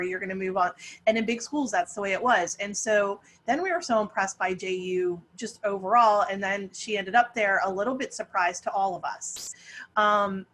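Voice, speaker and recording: A woman's voice: mid-range voice, fairly bright tone, slight background noise. A middle-aged woman, a parent panelist, telling a long story with many restarts over a video call.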